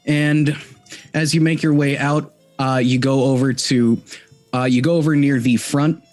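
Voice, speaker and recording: A man's voice: medium pitch, steady tone, unhurried, darkish tone, soft background music. A man narrating as game master of a tabletop game, rambling with many restarts and fillers.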